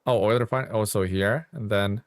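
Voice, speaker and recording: A man's voice: fairly low pitch, normal speed, no echo. Chatty male game streamer. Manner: chatty, reads chat aloud and answers viewers. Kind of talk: casual live-stream commentary.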